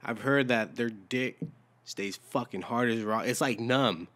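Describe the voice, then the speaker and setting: Male podcast guest, laid-back and crude, ordinary mid-pitched voice. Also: unhurried, fairly bright tone. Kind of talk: casual chat.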